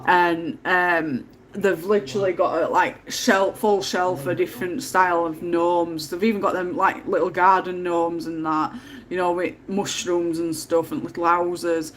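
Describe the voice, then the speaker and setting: A woman's voice: fairly low pitch, steady tone, measured pace. A woman, hosting a casual livestream at home and telling stories in a chatty way, laughing often. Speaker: livestream host.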